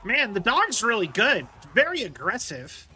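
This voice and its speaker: A man's voice: sits high, huge pitch swings, a little slow, bright, forceful tone. A man streaming a video game, chatting casually and explaining things at length with lots of fillers. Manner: rambling, explains with many fillers. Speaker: livestreamer.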